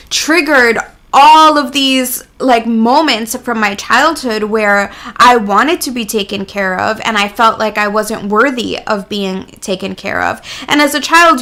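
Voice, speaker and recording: A woman with a bright, slightly high voice talks openly about her own experiences as an interview guest. She is earnest and reflective, and she slips small laughs into her sentences. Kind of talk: candid personal storytelling.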